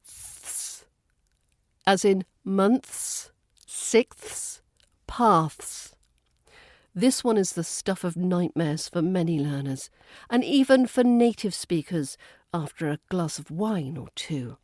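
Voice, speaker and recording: A woman's voice: on the low side, animated, slow, darkish tone, no room sound, clean studio sound. A woman with a British RP accent giving a scripted pronunciation lesson as an accent coach, precise and dryly playful.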